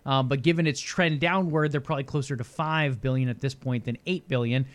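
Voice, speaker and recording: A young man co-hosting a casual gaming podcast, chatty and speculative, thinking out loud. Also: mid-range voice, fairly even intonation, brisk. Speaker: podcast co-host.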